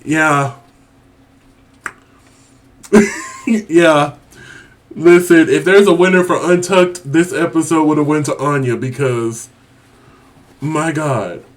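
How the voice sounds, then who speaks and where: A man co-hosting a casual TV review chat, animated and laughing often, acting out his own reactions in big exaggerated bursts. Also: a little high, a little slow. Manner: laughs often while talking. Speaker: co-host of a TV review show.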